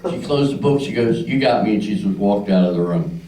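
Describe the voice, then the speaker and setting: Brisk and mellow with a fairly low pitch, an older comedian from Philadelphia runs through a crude club set, voicing the people he describes. The rough recording comes from a distant mic in a roomy space, with a little hiss or hum.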